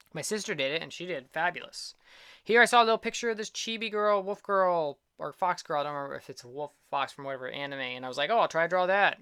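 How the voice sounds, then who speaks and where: Bright, self-deprecating young man. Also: a little high, smooth, no room sound, studio quality. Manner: rambling, self-deprecating, upbeat. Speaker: art channel host. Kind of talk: casual chat.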